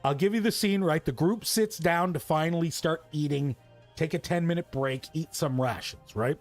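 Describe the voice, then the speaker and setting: A man chatting casually and excitedly about tabletop gaming, swearing, laughing and tossing in "bro" and "right". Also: on the high side, moderate pace, soft background music.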